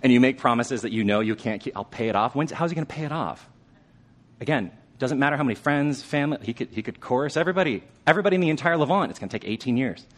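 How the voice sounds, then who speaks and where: A man preaching a sermon in a conversational way, asking the congregation questions and dropping to a hushed tone for weighty lines. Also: mid-range voice, lively intonation, fast.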